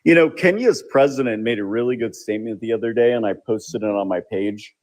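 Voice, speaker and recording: A man, the show's host, giving measured political commentary in an explanatory way. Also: lowish voice, a little mellow. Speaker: show host.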